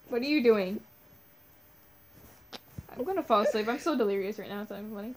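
A woman's voice: medium pitch, brisk, long pauses. A woman joining a gaming stream as a guest, chatting casually, singing bits of songs and joking about accents. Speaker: guest player. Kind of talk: casual gameplay chat.

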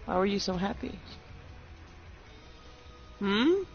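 A man's voice: high voice, big pitch swings, takes it slowly, gravelly. A man chatting casually while gaming, teasing and swearing freely. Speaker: gamer recording a session. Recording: slightly dull lo-fi audio with faint music.

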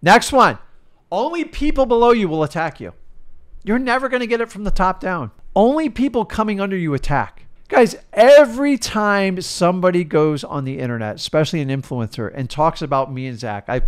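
A middle-aged man, a real estate coach, giving an emphatic motivational talk that often repeats itself. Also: on the high side. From United States. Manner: emphatic, preachy, repeats himself.

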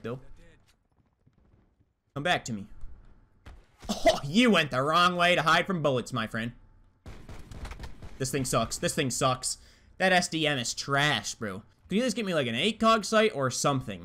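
A man's voice: medium pitch, pushed and bright. A young man giving live gameplay commentary, trash-talking opponents in a hyped, slangy way. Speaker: gaming YouTuber.

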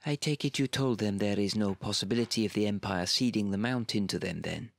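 A man's voice: on the low side, brisk, creaky, dry recording, studio quality. A man voicing an amused, carefree female civil servant who teases her colleague. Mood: teasing. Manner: teasing, lightly amused.

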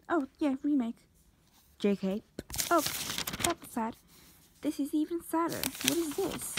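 Young woman, fairly high voice, gravelly vocal fry, casual commentary with whispered asides, noisy recording. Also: animated, moderate pace. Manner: exclaiming, drops into whispered asides. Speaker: vlogger.

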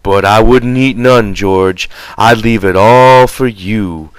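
A man's voice: on the low side, slow, smooth, no room sound, low-quality recording. A man voicing a big, simple-minded, childlike man who pleads and tries to please. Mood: pleading.

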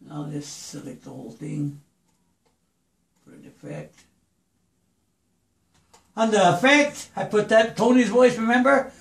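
Hoarse, chatty man teaching vocal recording. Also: high-pitched, measured pace, pauses often, reverberant. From New Mexico. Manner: chatty, calls listener brother. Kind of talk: casual home-studio tutorial.

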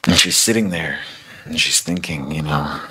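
Low husky guy preaching, casual storytelling, lots of "you know"s, bright forceful tone. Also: moderate pace. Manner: casual, conversational retelling with many fillers. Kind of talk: sermon storytelling.

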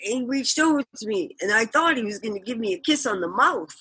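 An older woman from the Boston area, a musician guest telling an animated story, laughing often and acting out quotes. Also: fairly high pitch, fairly quick, slightly rough, no echo. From Boston area, USA. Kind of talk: storytelling interview.

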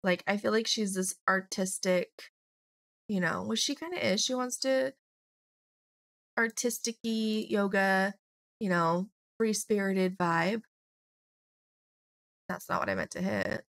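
A young woman, slightly hoarse, chatting and rambling through a let's play of a life-sim game. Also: mid-range voice, animated, slow, pauses often, no room sound. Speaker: gaming YouTuber.

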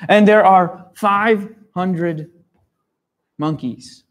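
A man telling a children's story at a slow, patient pace. He repeats key words, spells some out letter by letter and keeps checking that his listeners follow. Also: sits high. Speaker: storyteller for young learners. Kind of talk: simple storytelling lesson.

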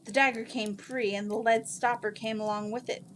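A woman reading a fantasy novel aloud in a steady, unhurried voice. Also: fairly high pitch, a little hiss or hum. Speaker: reader.

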